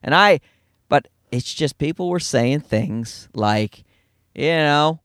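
Middle-aged Newfoundland comic, rapid-fire and self-mocking, dry close-up sound. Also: male voice, a little high, a bit bright, no room sound. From Newfoundland, Canada. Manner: fast-talking, profane, self-deprecating. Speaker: stand-up comedian, podcast host. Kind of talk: casual rambling monologue. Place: in a car.

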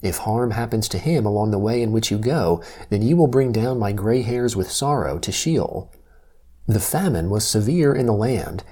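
Husky, low-voiced man reading scripture. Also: lively intonation, moderate pace, warm tone. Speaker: scripture reader.

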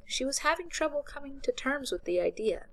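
A woman's voice: high voice, lively intonation, a little fast, a bit bright, low-quality recording. Woman narrating an audiobook.

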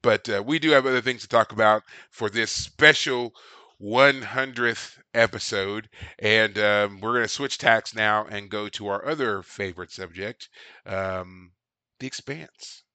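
A man co-hosts a casual podcast with a bright, lowish voice. He tells stories with animation and acts out the quotes. The sound is dry and close. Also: measured pace, clear, resonant tone, dry recording. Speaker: podcast co-host. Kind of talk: casual chat.

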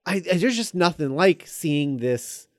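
A man's voice: a little high, lively intonation, no room sound, clean studio sound. A man co-hosting a casual film podcast, talking with enthusiasm and lots of fillers and restarts. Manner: halting, enthusiastic, many fillers. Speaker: podcast co-host.

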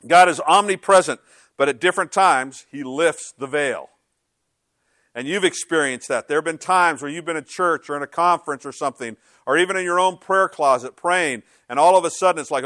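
A man preaching a sermon in a relaxed, conversational tone that turns emphatic on key points. His voice sits a little high for a man, and he keeps asking the congregation rhetorical questions. The sound is close and dry. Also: a little fast, dry recording. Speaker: pastor.

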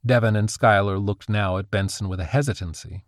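A man giving a steady, scripted audiobook narration. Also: lowish voice, a little fast, dry recording, clean studio sound.

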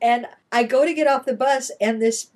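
A woman with a high voice chats loosely as a podcast co-host. She rambles through anecdotes, breaking into laughter as she goes. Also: normal speed, a little mellow. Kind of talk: casual chat.

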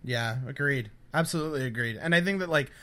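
A man's voice: mid-range voice, fast, pushed and bright. A man co-hosting a casual podcast who rambles dismissively, padding his talk with "I mean, like". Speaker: podcast co-host.

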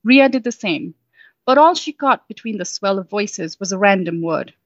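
Woman storyteller, mid pitch, calm reading, dry and slightly muffled sound. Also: normal speed, no echo. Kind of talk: storybook narration.

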